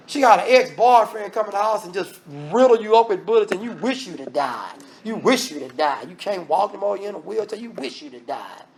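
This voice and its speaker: A man preaching a lively sermon, firing off rhetorical questions and acting out voices. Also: high voice, creaky, slight background noise.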